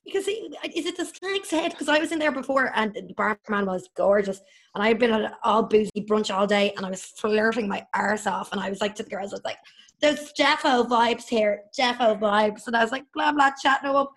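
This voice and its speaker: A woman's voice: mid-range voice, quick pace, fairly bright tone. A woman in casual chat, giggly, acting out her own quoted dialogue.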